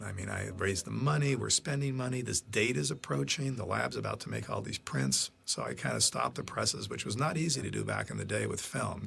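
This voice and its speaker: Gravelly, creaky man with a low voice, casual profane commentary storyteller. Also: fairly bright tone. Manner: stops to react to on-screen scenes. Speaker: film producer giving commentary. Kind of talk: casual anecdotal audio commentary.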